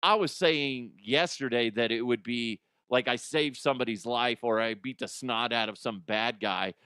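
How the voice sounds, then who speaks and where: A man's voice: mid-range voice, moderate pace, bright, forceful tone, smooth, no echo, clean studio sound. A man hosting a podcast, telling stories in rambling, profane casual chat and often laughing at himself. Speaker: podcast host.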